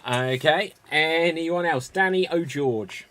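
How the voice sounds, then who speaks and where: A man hosting an online improv game, briskly calling on players by name and telling jokes himself. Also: fairly high pitch, fairly bright tone. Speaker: improv show host.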